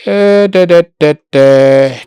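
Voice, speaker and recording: A woman gives an online language lesson in a slow, unhurried way, pausing, repeating terms and restating each point in Spanish. Her voice is rather low and very clean, and the recording is close and dry with no room around it. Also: mellow, clear, resonant tone, no room sound. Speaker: Sanskrit teacher. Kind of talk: online lesson, thinking aloud while working on screen.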